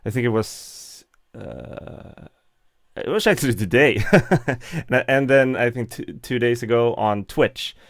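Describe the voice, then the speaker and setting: A man's voice: mid-range voice, animated, a little slow, creaky, no room sound, studio quality. A young man, chatting casually and laughing often as he reads out and answers live chat. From Sweden.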